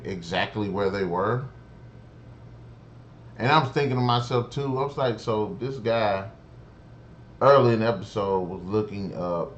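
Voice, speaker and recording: A man's voice: lowish voice, a little hiss or hum. Exasperated, swearing man reviewing a show. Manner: exasperated, profane, rambling with frequent restarts. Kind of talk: casual spoken review.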